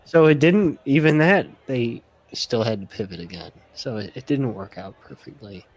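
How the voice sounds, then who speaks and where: A man's voice: mid-range voice, animated, moderate pace, rough recording. A man co-hosting a casual podcast, making dry, wry remarks with the odd curse. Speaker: podcast co-host.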